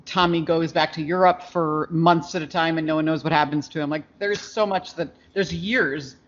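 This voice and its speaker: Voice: mid-range voice, steady tone, moderate pace. A podcast co-host in casual chat about a film, rambling with many fillers and restarts. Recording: dull lo-fi podcast audio.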